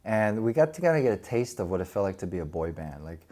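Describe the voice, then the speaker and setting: A man in his forties telling stories casually in a podcast interview, animated and laughing often as he acts out quoted voices. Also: deep voice, quick pace. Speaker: actor and podcast host.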